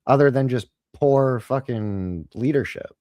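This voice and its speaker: A man's voice: medium pitch, unhurried, mellow, no room sound. A man co-hosting a casual podcast chat, rambling and profane with a mocking tone. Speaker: podcast co-host.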